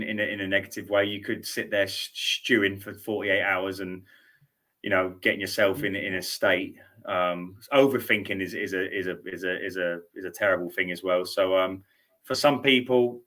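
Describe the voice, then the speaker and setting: A middle-aged man with a lowish voice, hosting a sports show in loose, casual studio chat. He rambles and repeats words as he works out what to say. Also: bright, forceful tone. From United Kingdom.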